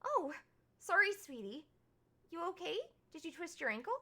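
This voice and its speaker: A woman voicing a bubbly, excitable young woman who squeals and gushes at high volume while reading a game aloud. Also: moderate pace, heavily acted. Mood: excited. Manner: squealing, over-the-top excitement.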